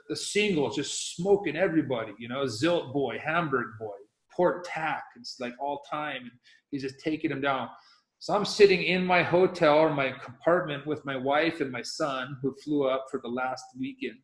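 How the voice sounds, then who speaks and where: A man's voice: mid-range voice, moderate pace. A middle-aged man, a podcast guest, telling a long story in casual conversation and acting out his own past reactions. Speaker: podcast guest, professional windsurfer. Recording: roomy echo.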